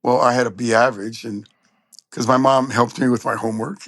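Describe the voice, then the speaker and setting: Speaking briskly in a mid-range voice, a trumpet player from Southern California spins animated stories during an interview, voicing the quotes of people in them. The sound is dry.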